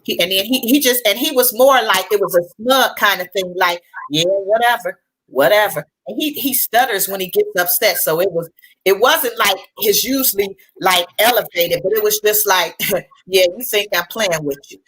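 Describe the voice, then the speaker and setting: A woman's voice: mid-range voice, moderate pace, fairly bright tone, breathy edge, rough recording. A middle-aged woman recounting a personal story as a panel guest, earnest and conversational. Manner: earnest, conversational, with restarts and colloquial speech.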